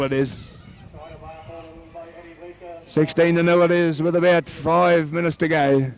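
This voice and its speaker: A man with an Australian accent calling a local rugby league match play by play, chatting with his co-commentator and rising to excited shouts on tries. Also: a little high, normal speed, few pauses, low-quality recording.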